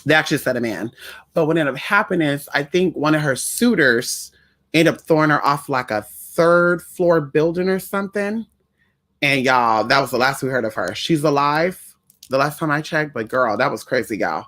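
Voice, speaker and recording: A woman's voice: sits low, expressive, normal speed, a bit bright. A trans woman vlogger telling a story to her viewers in a sassy, chatty way, calling them y'all and honey.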